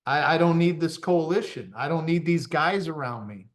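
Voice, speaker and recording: Male motivational coach, middle-aged, pitched a touch high, animated and self-deprecating, laughs easily. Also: moderate pace. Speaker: confidence coach. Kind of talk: motivational talk.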